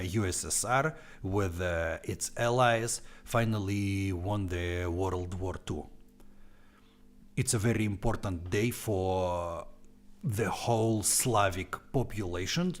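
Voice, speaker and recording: Young russian-accented guy talking casually on a stream, a bit low-pitched, drops russian words here and there. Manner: chatty and informal, with short Russian asides. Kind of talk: casual live stream chat.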